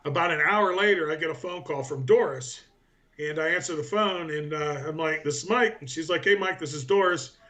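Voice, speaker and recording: A man's voice: a little high, brisk, bright, forceful tone. A man in his forties, a powerlifter guest, telling long rambling anecdotes in a casual interview, full of fillers.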